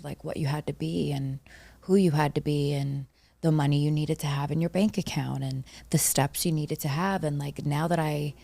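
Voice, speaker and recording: A young woman co-hosts a casual podcast chat in a low, gravelly voice. She tells stories with lots of filler words and acts out what others said. The recording is dry and close. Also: dry recording. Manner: animated storytelling, acts out quoted voices, many likes. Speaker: podcast co-host.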